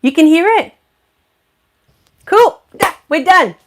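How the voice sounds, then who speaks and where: A middle-aged woman with an Australian accent, hosting a spiritual livestream. She chats and laughs with her viewers, then slows into a soothing guided meditation, speaking into a computer microphone at home. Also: extremely high pitch, lively intonation. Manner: slow soothing meditation guidance. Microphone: new USB microphone at a computer.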